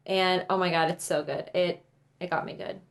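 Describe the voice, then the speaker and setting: A woman's voice: on the low side, fairly even intonation, normal speed, vocal fry. A young woman co-hosting a podcast, chatting in a laid-back, teasing way and swearing casually. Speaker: podcast co-host. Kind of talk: casual chat.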